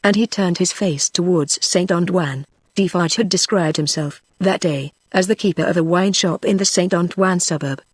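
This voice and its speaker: Tts british lady reading a book, even and steady, dry close sound. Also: lowish voice, normal speed, few pauses, husky, dry recording. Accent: British English. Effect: synthetic text-to-speech voice. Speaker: audiobook narrator. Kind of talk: scripted narration.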